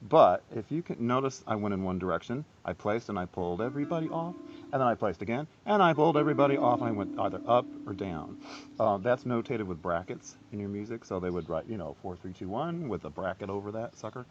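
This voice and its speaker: A man's voice: lowish voice, highs cut off. A man giving a casual, rambling harp lesson, chatty and self-deprecating. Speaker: harp teacher. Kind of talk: casual instructional video.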